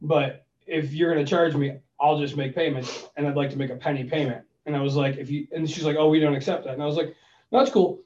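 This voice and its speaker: Quick and hardly pausing, a man with a slightly high voice co-hosts a casual money talk, dispensing advice through animated stories where he plays both sides of phone calls. The distant mic gives a dull, lo-fi, reverberant sound with a little hiss or hum.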